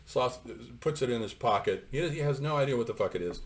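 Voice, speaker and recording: A man's voice: medium pitch, animated, fairly quick. A middle-aged man giving an unscripted, discursive commentary on a novel, opinionated and full of fillers. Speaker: literature lecturer.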